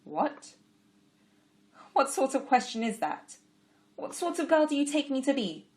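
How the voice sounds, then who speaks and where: A woman's voice: high-pitched, big pitch swings, measured pace, pitched above the performer's own voice. A woman voicing a fierce, guarded young woman. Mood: defensive. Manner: fierce scolding, then guarded and curt. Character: kind yet sharp-tongued young woman, guarded.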